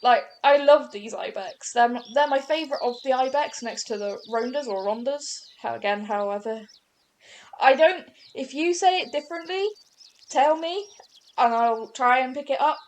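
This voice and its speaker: A woman's voice: sits high, normal speed, a little hiss or hum. A young woman chatting casually over her gameplay as a gaming channel host, rambling and often correcting herself mid-sentence.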